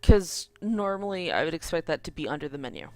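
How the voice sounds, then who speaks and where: A woman's voice: low-pitched, animated, a little fast, a little mellow, a little hiss or hum. A woman playing a game and reading its dialogue aloud with jokey asides. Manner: jokey, reads on-screen text aloud with asides. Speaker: let's play gamer.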